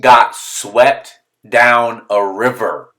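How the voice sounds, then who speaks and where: Animated man telling a story, slightly off-mic. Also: medium pitch, extremely slow, recorded from a distance. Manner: animated, exaggerated disbelief, acts out quoted voices. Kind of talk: comedic storytelling monologue.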